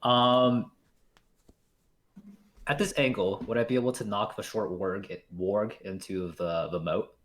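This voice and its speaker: A man's voice: lowish voice, steady tone, unhurried, pauses often, a bit bright. A man playing a tabletop game, hesitant and unsure of the dice rules. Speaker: player. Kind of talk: tabletop role-play.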